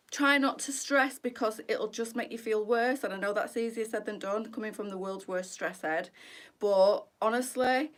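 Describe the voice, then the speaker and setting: A woman hosting a boutique clothing live stream, chatting and greeting viewers by name in an affectionate, gushing way. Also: on the low side.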